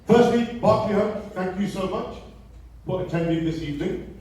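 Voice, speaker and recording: A man's voice: high-pitched, moderate pace, mellow. A man from England addressing a public meeting as a local resident, emotional and pleading, then angry and accusing. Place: large hall with a crowd. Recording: echoey hall from far off.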